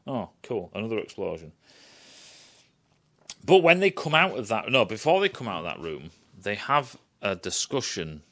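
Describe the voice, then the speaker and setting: A man's voice: lowish voice, fairly bright tone. A man giving a casual, rambling and scornful review, swearing often and restarting his sentences. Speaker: TV critic.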